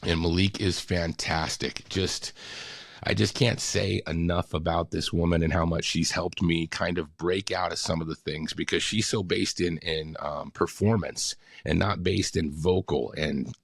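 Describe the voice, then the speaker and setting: A very deep man's voice with a gravelly, fry-heavy edge, dry and close. He is a radio announcer in his fifties and talks with enthusiasm as a podcast guest. He laughs often and slips into quick announcer-style reads. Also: steady tone, no room sound. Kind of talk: casual podcast interview.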